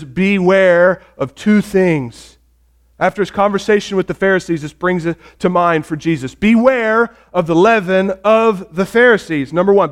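A man preaching a sermon as a pastor, conversational and storytelling, dropping soft when he reads scripture. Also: high-pitched.

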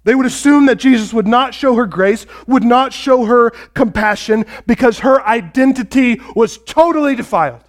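High voiced pastor guy preaching, tells the story dramatic, talks right to the people. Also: moderate pace, hardly any pauses. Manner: dramatic storytelling, speaks to the congregation directly. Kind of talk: sermon.

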